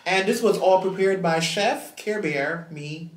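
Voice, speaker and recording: A woman's voice: on the low side, measured pace. A young woman co-hosting a mukbang in casual chat, talking playfully and drawing out her words. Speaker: mukbang co-host. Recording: roomy echo, faint noise.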